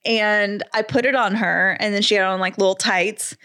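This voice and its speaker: A woman in her thirties co-hosts a casual podcast chat. She tells stories in a chatty way and acts out quoted asides in her own voice. Her pitch sits in a middle range. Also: fairly even intonation, normal speed, pushed and bright, clean tone. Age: 30s. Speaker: podcast co-host.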